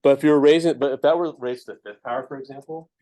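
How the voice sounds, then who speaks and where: A man's voice: medium pitch, fairly even intonation, racing, dark tone, dry recording. A man teaching a math class, explaining each step casually with lots of ums and checks of "right?". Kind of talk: classroom lecture.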